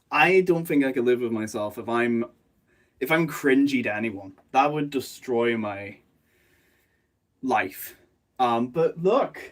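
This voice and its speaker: Male streamer, unhurried, rambling self-deprecating banter into a phone mic. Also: mid-range voice, animated. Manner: self-mocking, jokey, rambling. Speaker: streamer and animator. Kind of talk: casual live stream chat. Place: his bedroom. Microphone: phone, not a proper microphone.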